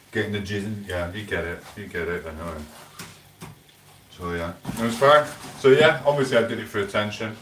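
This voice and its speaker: This man's voice sits on the low side, moving at normal speed with frequent pauses and a little hiss or hum underneath. He's rambling through stories on a live stream and quoting conversations back and forth, recorded in an echoey room a bit away from the mic.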